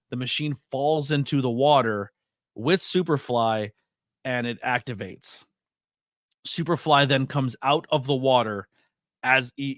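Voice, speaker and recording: A man's voice: mid-range voice, fairly bright tone, no room sound, studio quality. A man hosting a podcast, loosely retelling a film's plot in a casual, rambling way with many fillers and restarts. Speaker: podcast host. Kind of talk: casual movie recap.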